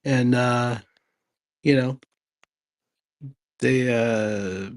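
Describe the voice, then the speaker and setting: A man's voice: medium pitch, fairly even intonation, drawn-out words, no room sound. A man, an actor hosting a casual live chat, rambling and laughing often, tired after a long day. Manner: laid-back, rambling, laughs often, swears. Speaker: actor and host.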